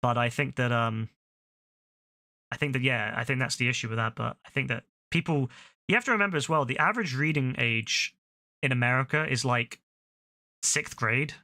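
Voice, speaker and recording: A man's voice: medium pitch, normal speed, pauses often, no room sound, studio quality. A young British man from England, ranting and swearing in casual chat while streaming a game. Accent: British English. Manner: ranting, swears often, laughs loudly.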